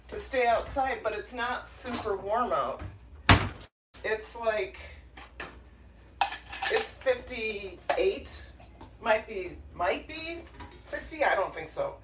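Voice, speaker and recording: Woman, from minnesota, rambling live cooking host, apologetic, slow easy pace, loud clatter of pots and cutlery. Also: medium pitch, background noise. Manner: chatty, rambling, apologetic, talks to her dog. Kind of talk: casual live cooking chat. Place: small home kitchen. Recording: kitchen clatter of dishes and pans.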